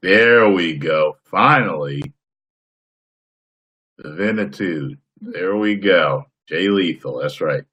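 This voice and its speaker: Very deep-voiced man chatting on a live stream. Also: slow pace, pauses often, slightly rough. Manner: playful, boastful, bursts into loud whoops and impressions. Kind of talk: casual live-stream chat with viewers.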